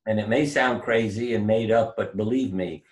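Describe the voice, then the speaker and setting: A man's voice: on the low side, moderate pace, poor audio. An older man, a doctor and author, telling stories in an interview and acting out the voices he quotes. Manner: animated storyteller, acts out quoted voices. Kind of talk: storytelling interview.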